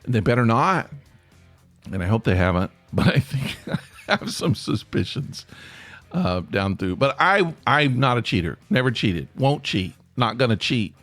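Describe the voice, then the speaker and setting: A man hosts a solo podcast from home near Atlanta, talking in a chatty, rambling way and frequently breaking off to restart his sentences. His medium-pitched voice swings widely in pitch, with a fairly bright tone and a moderate pace. The recording is dry, and faint music plays behind him.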